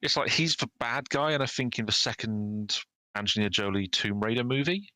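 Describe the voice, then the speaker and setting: A man co-hosting a podcast in casual chat, wry and measured. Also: medium pitch, animated, pushed and bright, no room sound, low-quality recording. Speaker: podcast co-host.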